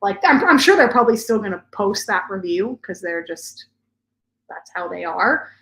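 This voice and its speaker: A woman in her forties chats away at an ordinary pitch, telling stories and piling in "like" as she goes. The room around her rings with a noticeable echo. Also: lively intonation, normal speed, fairly bright tone. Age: 40s. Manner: chatty storytelling, many "like" fillers. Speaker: podcast host. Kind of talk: casual chat. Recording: roomy echo.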